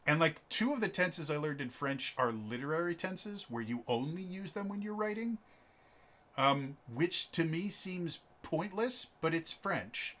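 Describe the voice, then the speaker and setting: A man from Wisconsin running a tabletop game, chatting casually with animated, joking asides. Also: fairly high pitch, a little slow. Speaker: game master. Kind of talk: casual chat.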